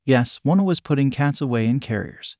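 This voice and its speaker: Male narrator reading fan fiction, level delivery, mid pitch, dry close sound. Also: animated, fairly quick, a little mellow, no room sound.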